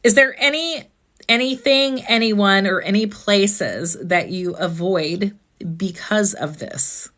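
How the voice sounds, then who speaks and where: A woman's voice: medium pitch, slow pace, fairly bright tone. A woman host on a live stream, talking earnestly and asking reflective questions about grief.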